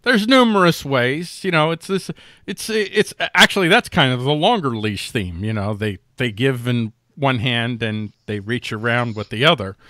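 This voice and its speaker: A man's voice: medium pitch, normal speed, sharp tone, no room sound, clean studio sound. A man co-hosting a podcast, chatting casually and sarcastically with rambling restarts. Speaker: podcast co-host. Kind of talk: casual political chat.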